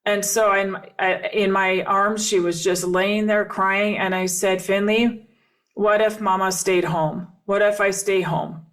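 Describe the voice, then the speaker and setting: A middle-aged woman hosting a podcast, telling a personal story in an earnest, reflective way and repeating phrases for emphasis. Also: mid-range voice. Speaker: podcast host and coach.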